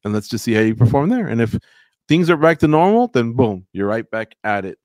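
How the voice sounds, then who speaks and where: A man's voice: mid-range voice, very animated, brisk, darkish tone, no room sound. Opinionated man recapping fight results. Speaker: podcast host. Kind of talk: casual sports talk.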